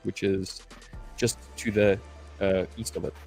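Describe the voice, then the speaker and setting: A man's voice: on the low side, level tone, unhurried, darkish tone, soft background music. A man from South Africa with a South African accent, chatting and teasing on a live stream, often stumbling over and repeating his words. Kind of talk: casual banter on a live stream.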